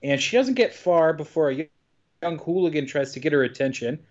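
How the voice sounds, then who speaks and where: A man's voice: on the high side, lively intonation, fairly quick, darkish tone. A man from the United States recapping a movie in casual podcast chat, dry and wry, swearing freely. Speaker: podcast co-host. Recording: dull lo-fi podcast audio.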